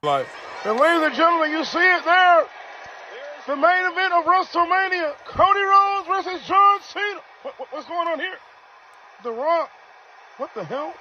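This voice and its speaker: A man doing an impression of a wrestling commentator, shouting in outraged disbelief. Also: extremely high pitch, animated, normal speed, a crowd in the background. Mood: hyped. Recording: muffled lo-fi video clip with noise.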